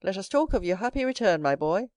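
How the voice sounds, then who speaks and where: A woman's voice: lively intonation, quick pace, darkish tone, no echo. Female audiobook narrator, mid-range voice, dry booth sound, acts out each character. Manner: reads every character herself, lifting her pitch for the young hero. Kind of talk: scripted narration.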